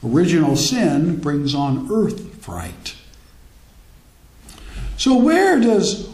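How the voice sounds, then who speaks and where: A man's voice: drawn-out words, long pauses. A man who is a minister, delivering a wry, storytelling sermon while he has a cold. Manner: wry, storytelling, lively pitch. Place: church hall. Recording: echoey church hall.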